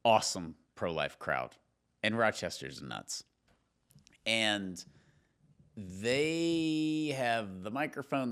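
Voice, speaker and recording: A man's voice: lowish voice, clean tone. A man hosting a podcast, chatting casually and telling stories with jokey asides. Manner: animated storyteller, jokey asides. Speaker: podcast host.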